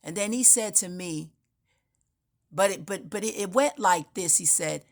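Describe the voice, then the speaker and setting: In an unhurried, lowish voice, a spiritual speaker delivers an unscripted monologue about her life. She meanders, speaks with emphasis, and often starts her sentences over.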